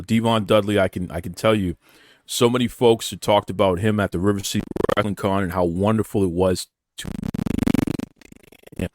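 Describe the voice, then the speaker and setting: A man's voice: on the low side, no echo, studio quality. A man hosting a podcast interview, upbeat and encouraging as he promotes his guest. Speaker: podcast host.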